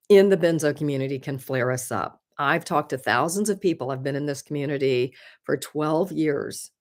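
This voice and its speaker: A woman's voice: deep voice, darkish tone. A woman hosting a live stream, chatting candidly and earnestly with viewers, often laughing at herself and offering encouragement. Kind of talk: casual chat answering viewer comments.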